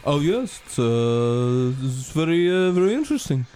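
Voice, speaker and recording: A man doing a halting mock Danish rocker. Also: a little high, very animated, dark tone, smooth, voice pushed up. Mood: mock solemn. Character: man putting on a mock Danish rock-star voice.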